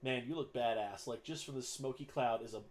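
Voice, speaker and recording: A man running a tabletop game online as game master, narrating in a casual, animated way and making sound effects. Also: mid-range voice, a little fast, slight background noise.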